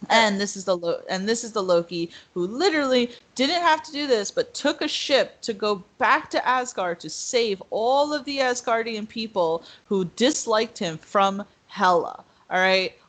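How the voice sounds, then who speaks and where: A woman co-hosting a podcast in casual chat, animated, laughing often and acting out quotes. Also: medium pitch. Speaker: podcast co-host.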